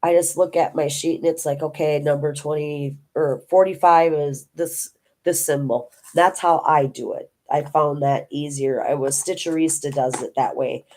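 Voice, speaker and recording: A woman's voice: low voice, fairly even intonation, moderate pace, a little mellow. An older woman from Minnesota chatting casually to viewers about her craft hobby and telling homey, rambling family stories. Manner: rambling, homey storytelling with many restarts. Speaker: diamond painting vlogger.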